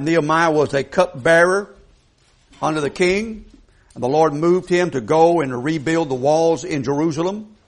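Husky folksy preacher man. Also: a little high. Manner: folksy, emphatic, asks the congregation questions. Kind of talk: sermon.

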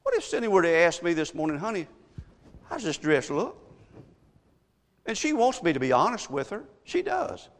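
A pastor delivers a quick-paced, emphatic sermon with few pauses and huge pitch swings, his voice high for a man. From the pulpit he fires off strings of rhetorical questions, and a long church-hall reverb carries the sound.

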